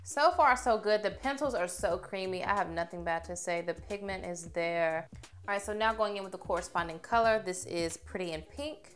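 A young woman reviewing makeup on camera in a chatty, expressive way, gushing over what she tries. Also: medium pitch, moderate pace, faint music behind. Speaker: beauty vlogger.

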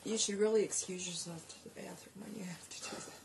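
A woman's voice: medium pitch, steady tone, fast, gravelly, darkish tone, breathy edge. A woman talking in a giggly, offhand and playful way during a casual chat at a friend's house.

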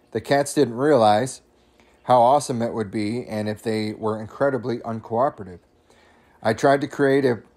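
A man's voice: mid-range voice, darkish tone. A man reads a humorous memoir aloud in a casual, easygoing way. He chuckles often and breaks off for chatty asides to his listeners. Now and then he has to cough. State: coughing at times. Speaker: audiobook reader.

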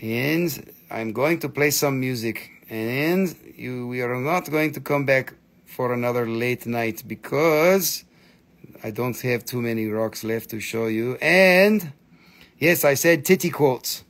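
A man hosting a live crystal sale, chatty and excitable, with crude jokes and non-native phrasing. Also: medium pitch, slow pace. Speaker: live-stream crystal seller. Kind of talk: casual live sales chat.

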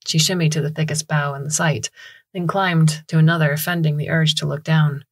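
A woman narrating a science fiction story in a measured, steady storytelling style on a close studio mic. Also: deep voice.

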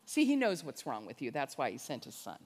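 This biblical counselor and conference speaker preaches in an extremely low, darkish voice that swoops wildly in pitch and moves a little fast. Her sermon-style talk is fervent and forceful, built on repetition, and a large hall's long reverb trails behind it.

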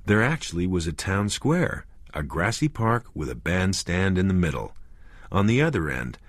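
A man narrating an audiobook in a measured, expressive way. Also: low voice, dry recording.

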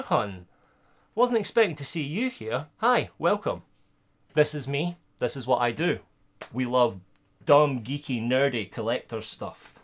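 Give me a chatty Scottish guy streaming a pack opening, with excited outbursts. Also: mid-range voice, slow pace. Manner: chatty and excitable, bursts of loud delight. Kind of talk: casual live-stream card opening, chatting to viewers.

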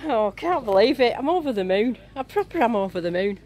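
A woman's voice: fairly high pitch, expressive, fast talker, darkish tone. A woman vlogging outdoors to a handheld camera, bubbly, giggly and gushing in casual chat. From England. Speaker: metal detecting vlogger. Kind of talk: excited casual vlog. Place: outdoors at a field rally, some driving in a car.

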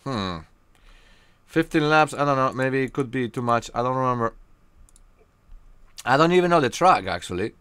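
A young man from Spain with a Spanish accent, chatting casually and joking with viewers during a live game stream, often pausing on fillers. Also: mid-range voice, animated, fairly bright tone, clear, resonant tone, no room sound.

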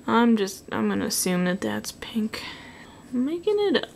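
A woman's voice: on the high side, very animated, moderate pace, gravelly, darkish tone, a little hiss or hum. A young woman from Canada with a Canadian accent, talking casually and sarcastically while drawing, muttering self-mocking asides under her breath. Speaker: artist drawing tutorial host.

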